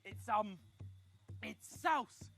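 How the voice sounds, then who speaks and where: A man performing a comic story, chatty and animated, swinging from hushed asides to loud outbursts. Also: high-pitched, drawn-out words, vocal fry, soft background music.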